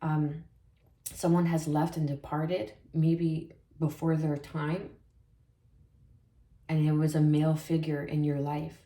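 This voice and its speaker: Low, mellow-voiced woman reading tarot. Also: little pitch movement, slow, pauses often, reverberant. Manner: soft, reflective, repeats phrases for emphasis. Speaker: tarot reader.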